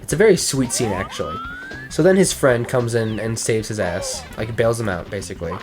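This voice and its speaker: Over music, a gaming co-host in casual let's-play chat speaks briskly in a medium-pitched voice that swoops wildly. He rambles and curses while retelling a film plot, quoting the characters' voices.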